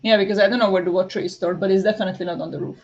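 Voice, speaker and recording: A woman's voice: mid-range voice, steady tone, very fast, darkish tone. Woman, casual chatty streamer, filler-heavy rambling, muffled lo-fi audio. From Slovakia. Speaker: streamer hosting reading sprints. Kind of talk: casual chat to live viewers. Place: home. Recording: dull lo-fi sound.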